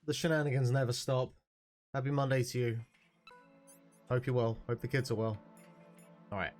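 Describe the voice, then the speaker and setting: A man's voice: medium pitch, fairly even intonation, normal speed, a little mellow, faint music behind. Joking male game streamer. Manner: joking, swears casually. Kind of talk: casual live-stream commentary.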